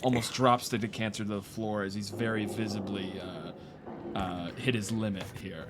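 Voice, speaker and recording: A man's voice: fairly low pitch, fairly even intonation, moderate pace, heavy background noise. A man running a tabletop game as dungeon master, narrating loosely and laughing often.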